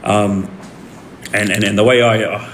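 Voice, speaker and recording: An older man telling a story casually on a livestream, acting out the shouting of the people in it with lively jumps in his voice. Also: lowish voice, unhurried. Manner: animated retelling, acts out the police shouting. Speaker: streamer. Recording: echoey room with faint ambient noise.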